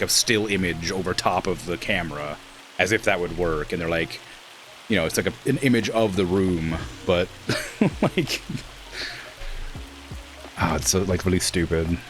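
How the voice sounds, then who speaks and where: A man's voice: low voice, a bit bright. A young man streaming a farming game and chatting casually, with a blunt, direct way of talking that stresses words hard and can sound accusatory. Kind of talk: casual gameplay commentary.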